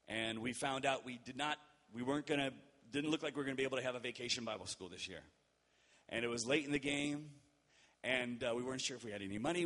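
A man pastor delivers a sermon as a relaxed story, talking straight to his congregation. He often stops to check in with them. His voice rings in a reverberant church hall. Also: medium pitch. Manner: conversational, checks in with "all right?".

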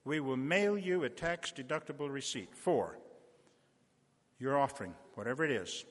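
A man's voice: medium pitch, lively intonation, normal speed, a bit bright. A man preaching as a visiting pastor, making a folksy fundraising appeal to a church congregation with little stories and direct requests. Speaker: visiting preacher raising funds. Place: church sanctuary. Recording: long church reverb.

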